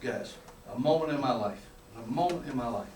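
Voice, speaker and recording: A man's voice: mid-range voice, lively intonation, fairly quick, a little mellow. An older man, a football coach telling colorful, emphatic stories at a clinic and chuckling along the way. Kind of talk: folksy storytelling lecture. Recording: roomy, distant mic with faint room noise.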